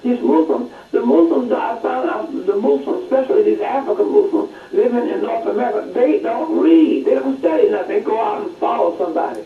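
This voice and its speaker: A man's voice: extremely high pitch, a little fast, creaky, hardly any pauses, soft background music. A man talking bluntly and critically in a discussion, heard on a distant, tinny, echoey recording. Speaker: speaker in a discussion.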